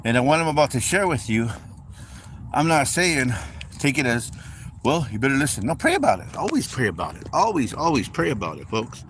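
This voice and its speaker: A man's voice: mid-range voice, normal speed. A man giving an informal, conversational sermon, repeating phrases and speaking straight to his listeners as folks. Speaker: preacher. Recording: steady background noise.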